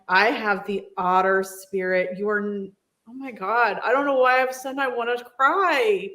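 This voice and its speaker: A woman's voice: mid-range voice, a little slow, sharp tone. A woman giving an intuitive card reading on a live stream, effusive and emotional, with frequent exclamations.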